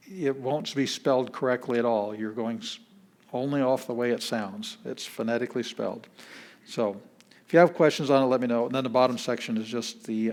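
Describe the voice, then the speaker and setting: A man, a pastor, teaching a beginner language class in a patient, plain-spoken way, walking through each step. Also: mid-range voice. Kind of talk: classroom lesson.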